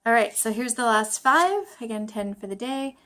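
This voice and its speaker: A woman's voice: fairly high pitch, animated, normal speed, fairly bright tone, a little hiss or hum. A woman talking casually to camera in a study vlog, thinking aloud, joking about her own mistakes, with frequent fillers and restarts. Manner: chatty, self-deprecating, thinking aloud with fillers. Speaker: language-learning vlogger.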